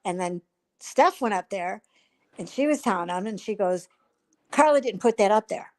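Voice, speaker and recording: A woman's voice: mid-range voice, lively intonation, moderate pace, poor audio. Chatty woman retelling online drama. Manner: chatty storyteller, retells conversations with quoted voices. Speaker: livestream host. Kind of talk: casual chat on a live stream.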